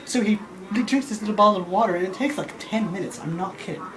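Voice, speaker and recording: A man telling a funny story in animated comic style, often laughing as he goes. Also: high-pitched, quick pace, a crowd in the background, low-quality recording. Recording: family laughing in the room.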